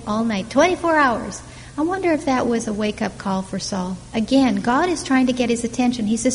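Woman teaching Bible stories in a reverberant hall. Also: medium pitch. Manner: animated storytelling, asks the listeners questions. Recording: long hall reverb, faint background noise.

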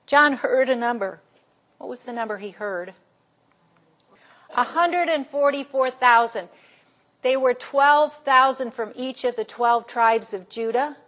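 A woman teaching a Bible study, retelling the story in a lively way and posing questions to the class that she then answers herself. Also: a little high, unhurried.

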